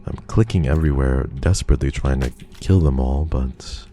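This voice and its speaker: A man's voice: a bass voice, fairly quick, warm tone, slight background noise. A male streamer giving live commentary on a game, talking to his chat and swearing in frustration.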